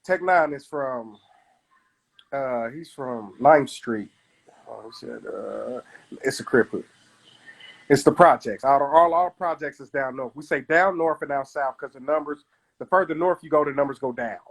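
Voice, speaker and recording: A man's voice: medium pitch, creaky, slightly rough. A man from Kansas City, a comedian telling stories in casual chat on a live stream. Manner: storytelling, does quick voices of others.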